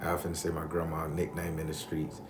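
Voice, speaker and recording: A man telling a profane personal story in a loose, animated, conversational way. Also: rumbling low, a little fast, noisy background. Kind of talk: crude casual storytelling.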